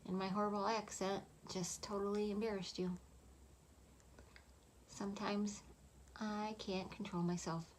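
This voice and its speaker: A woman talking through a makeup tutorial in a soft, chatty voice, often dropping to a half-whisper. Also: mid-range voice, little pitch movement, a little slow, long pauses, a little hiss or hum. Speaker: makeup vlogger.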